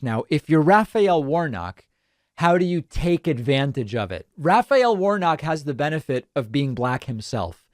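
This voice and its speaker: A man hosting a call-in political talk show, thinking out loud with animated emphasis. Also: a little high, no room sound, studio quality.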